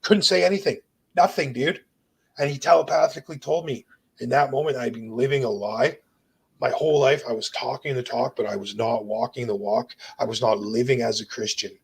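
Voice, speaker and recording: Creaky and husky, a young man's mid-range voice moves a little fast as he recounts nearly dying. The guest's storytelling is intense and earnest, emotional testimony spoken casually with frequent "dude" and "bro."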